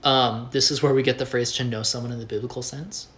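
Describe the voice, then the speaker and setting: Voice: mid-range voice, fairly even intonation, quick pace, fairly bright tone. Loose, chatty explainer with faint noise. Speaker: podcast co-host explaining scripture. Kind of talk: casual chat.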